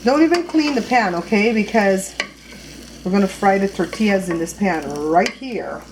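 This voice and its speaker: A woman's voice: medium pitch, normal speed, noisy background. A woman hosting a home cooking show in casual chat, chatty and repetitive, talking to viewers as guys. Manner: chatty, repeats words, addresses viewers as guys.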